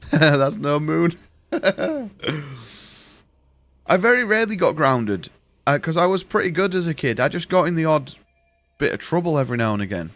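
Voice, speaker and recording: A man's voice: fairly high pitch, big pitch swings, quick pace, a bit bright, no room sound. A young man streaming a game, chatting casually and telling a rambling, sweary story. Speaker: gaming streamer. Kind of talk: casual chat while streaming.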